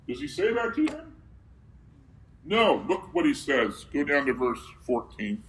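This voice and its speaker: Slow, questioning male preacher. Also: a little high, big pitch swings, rough recording. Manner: asks the congregation questions and answers them himself; reads scripture aloud with emphasis. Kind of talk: sermon.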